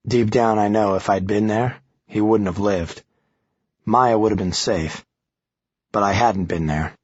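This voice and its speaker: A man narrating a first-person thriller audiobook in a steady, gritty way. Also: on the low side, breathy edge, no echo, lo-fi sound.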